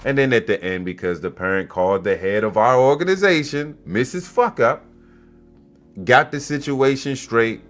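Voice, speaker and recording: A man hosting a casual podcast monologue, a youth basketball coach telling stories in a blunt, profane, animated way. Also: mid-range voice, moderate pace, hardly any pauses, soft background music.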